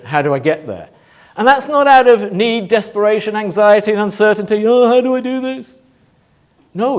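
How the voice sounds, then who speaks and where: A man giving a motivational talk to a live audience, asking rhetorical questions and pausing for emphasis. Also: high-pitched. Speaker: motivational speaker.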